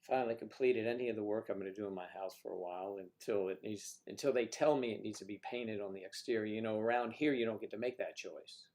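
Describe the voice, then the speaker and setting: A man's voice: medium pitch, darkish tone. Joking, rambling male stream host. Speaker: livestream host. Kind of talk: casual livestream chat with guests.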